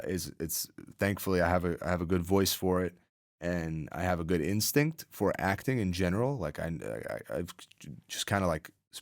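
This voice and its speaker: Deep-voiced young man, rambling and chatty. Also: no room sound, clean studio sound. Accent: North American. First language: Arabic. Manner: rambling, many fillers and restarts, laughs often. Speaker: podcast host. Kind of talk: casual interview chat.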